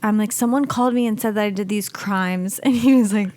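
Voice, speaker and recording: A woman's voice: medium pitch, brisk. A young woman in her twenties, co-hosting a podcast and telling a story in casual chat, full of fillers. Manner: animated storytelling with many fillers. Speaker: podcast co-host.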